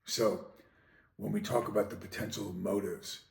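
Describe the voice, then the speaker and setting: A man hosting a podcast in a heated monologue, swinging from loud outbursts to low, sarcastic mutters. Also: steady tone, normal speed, creaky. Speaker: podcast host. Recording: echoey room, distant mic.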